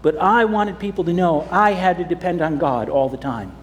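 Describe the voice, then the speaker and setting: A man's voice: on the high side, normal speed, slight background noise. A man preaching as pastor, telling a children's story sermon and acting out the characters. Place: church sanctuary. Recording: long church hall reverb.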